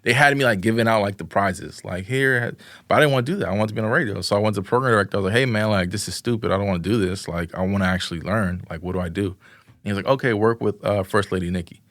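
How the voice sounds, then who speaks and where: A young man with a somewhat low voice spins a loose, slangy story full of "like" and acted-out quotes. His sound is close and dry, with almost no room around it. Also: rapid-fire, a bit bright, dry recording. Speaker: podcast guest, videographer. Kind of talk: casual interview chat.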